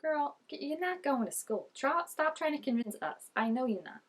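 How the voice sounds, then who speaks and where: A woman's voice: high-pitched, big pitch swings, normal speed. A young woman reacting to a TV episode in casual commentary, chatty and gushing, laughing often and saying "like" a lot. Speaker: TV reaction vlogger.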